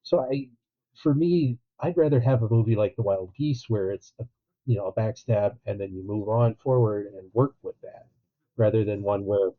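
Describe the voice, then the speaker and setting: A man co-hosting a podcast, chatting casually about a film, animated and acting out quotes with a laugh. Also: lowish voice, normal speed. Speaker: podcast co-host. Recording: tinny phone-like line.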